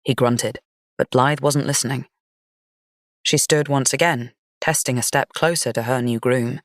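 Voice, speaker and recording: A woman's voice: extremely low pitch, steady tone, unhurried, no room sound. Woman narrating a gothic fantasy audiobook.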